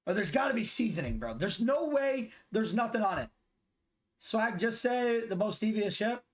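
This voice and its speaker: Young dude streamer, high voice bouncing all over, cussing and rambling casually. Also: male voice, expressive, normal speed. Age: 20s. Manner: loose, profane, rambling banter. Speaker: gaming streamer. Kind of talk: casual live-stream chat during gameplay.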